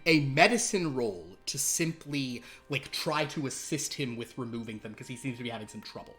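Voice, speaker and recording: A man at a middle pitch runs a horror tabletop game. His narration rambles and is full of fillers. Faint music plays behind him. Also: moderate pace, fairly bright tone. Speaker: game master.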